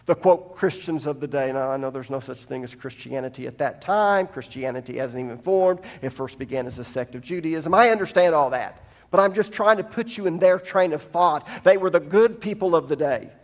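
A man's voice: a little high, brisk. Impassioned man preaching a sermon. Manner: builds from quiet teaching to loud, impassioned preaching; asks the congregation questions.

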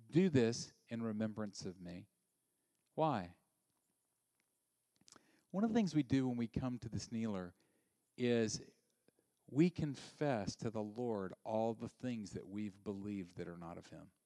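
A male pastor preaching a sermon. He is animated and sometimes drops to a hushed near-whisper for emphasis. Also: mid-range voice, unhurried, long pauses, dry recording.

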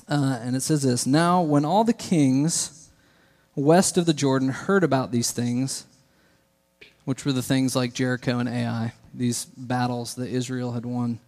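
Male pastor, mid-pitched, easygoing and good-humored, sermon in a reverberant hall. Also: a little mellow. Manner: casual, good-humored teaching. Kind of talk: sermon with scripture reading.

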